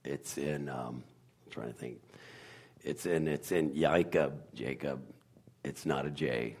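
A man with an extremely low, deep voice, talking as a guest about Hebrew letters. He searches for words, hesitating often, and slowly sounds out syllables to show how they are pronounced. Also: fairly even intonation, a little mellow, slightly rough. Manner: halting, searches for words with many fillers. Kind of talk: casual explanatory talk.

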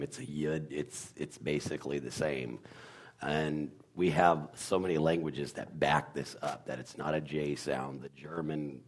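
A man as a guest explaining Hebrew letters, halting and searching for words, sounding out syllables to demonstrate. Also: a bass voice. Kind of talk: casual explanatory talk.

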